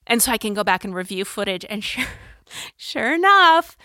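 A woman chatting casually on a podcast, telling a family story with animated delivery and frequent laughter. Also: moderate pace, no echo, studio quality. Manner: animated, acts out quotes with big pitch jumps; laughs often while telling. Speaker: podcast co-host, parent.

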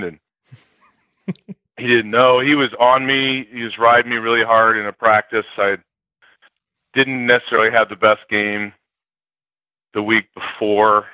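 Older male guest, lowish voice, spins lively anecdotes, slightly dull dry recording. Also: a little slow, long pauses, no echo. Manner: animated storyteller, acts out quotes loudly, laughs often. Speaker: former college football player, guest. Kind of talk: interview storytelling.

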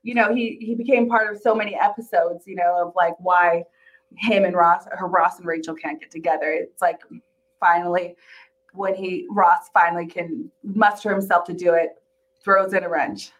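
A woman's voice: on the low side, normal speed, rough recording. Laughing woman in casual chat. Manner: animated, laughs often.

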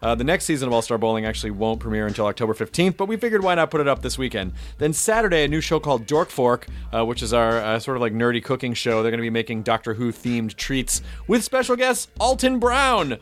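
A man's voice: mid-range voice, lively intonation, fast, few pauses, fairly bright tone. A man from the Southern United States hosting a podcast, chatting casually and playfully, with light jokes and ad reads. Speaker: podcast host.

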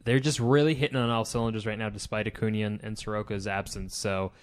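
A young man co-hosting a comedy podcast, rambling through sports talk with lots of halting restarts. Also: fairly low pitch, little pitch movement, clean tone. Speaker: podcast co-host. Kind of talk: casual comedy podcast chat.

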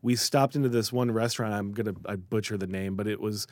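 Lively male storyteller, dry podcast mic. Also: fairly low pitch, fast, dry recording. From Chicago area, USA. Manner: animated storyteller, acts out quoted voices. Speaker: food writer guest. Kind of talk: casual interview talk.

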